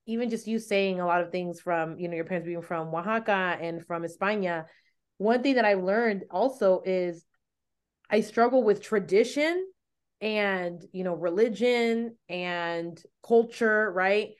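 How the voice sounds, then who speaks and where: A woman's voice: mid-range voice, measured pace, smooth. A woman podcast host, raised in the United States with Spanish as her first language, talking in a chatty way full of likes and you-knows. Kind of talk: casual chat.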